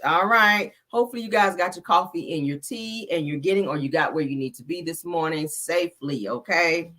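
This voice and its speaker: A woman hosting a celebrity news live stream, giving casual gossip commentary in a sassy, expressive way, calling viewers honey and child. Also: fairly low pitch, fairly quick.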